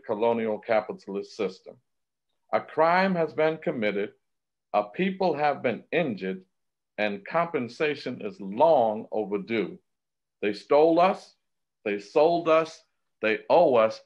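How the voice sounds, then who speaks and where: A man speaks with emphatic, declamatory passion, testifying as a state assembly member. His mid-range voice comes through a muffled, lo-fi remote call feed. He punches key phrases with rising force. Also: medium pitch. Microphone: remote video call. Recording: dull lo-fi remote call audio.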